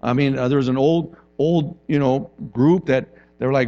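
Male pastor, conversational sermon delivery with lively acted quotes, mid-pitched, slightly muffled recording. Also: normal speed, few pauses.

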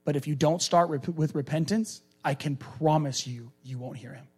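Animated high-voiced man preaching. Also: slightly rough. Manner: animated, acts out people in quick high voices. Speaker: pastor. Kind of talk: sermon.

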